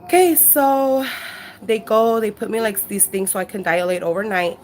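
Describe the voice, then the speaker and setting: A woman's voice: mid-range voice, fairly even intonation, brisk. A woman telling her story casually to a handheld camera, rambling with frequent "you know" and freely swearing. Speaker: vlogger sharing her life story. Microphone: handheld camera at arm's length.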